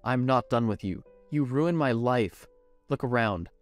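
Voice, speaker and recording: A man's voice: medium pitch, normal speed, a little mellow, soft background music, lightly acted. A man voicing a vengeful, bitter fired woman who makes threats. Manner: threatening, spiteful.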